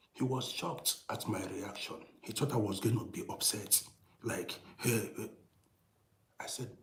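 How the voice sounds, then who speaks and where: Middle-aged man, low voice, echoey room, casual storytelling, hushed whispers, loud emphatic bursts, repeats himself. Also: a little slow. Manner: repeats and restarts phrases. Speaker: storytelling channel host.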